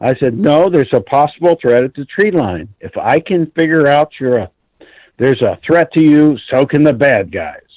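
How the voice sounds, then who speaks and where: A man's voice: medium pitch, expressive, normal speed, darkish tone, dry recording, dull audio. A man calling in to a talk show, telling a long story in an intense, rambling way and swearing often. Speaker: caller.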